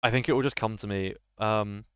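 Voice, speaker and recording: A man's voice: lowish voice, fairly even intonation, fairly quick, clean tone, no room sound, studio quality. A man streaming a game, chatting casually and laughing between lines, with many fillers. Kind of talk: casual gaming commentary.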